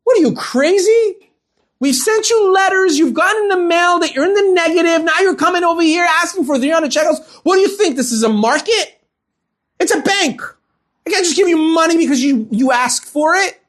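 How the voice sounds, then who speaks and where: A man voicing an irate bank teller who scolds a customer in a high, shouting voice. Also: fairly quick. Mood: furious. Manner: shouting, indignant.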